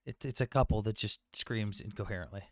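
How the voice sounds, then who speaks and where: A man's voice: on the low side, fairly quick, no room sound, clean studio sound. A man hosting a livestream debate in casual chat, blunt and jokey, swearing freely.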